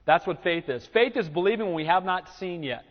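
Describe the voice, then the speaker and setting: A man preaching a sermon as pastor, animated and dramatic as he acts out Bible scenes in a church. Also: sits high, fairly quick. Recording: reverberant church hall, dull lo-fi sound.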